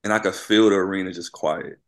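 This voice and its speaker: A man who played college basketball and now coaches high school, telling stories in a casual interview, animated and always checking in with "right?". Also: brisk. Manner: animated storyteller, keeps asking "right?".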